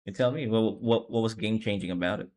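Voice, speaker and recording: A young man, sleepy and low on energy, chats casually on stream as he draws manga. His fairly low, slightly mellow voice is fairly quick, and his laid-back rambling keeps doubling back to correct itself.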